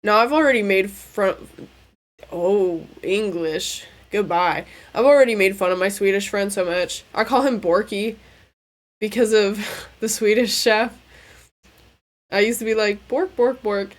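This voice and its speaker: A young woman streaming a game, chatting casually in a crude, joking and excitable way. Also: mid-range voice, a little slow. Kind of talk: casual gameplay stream chat.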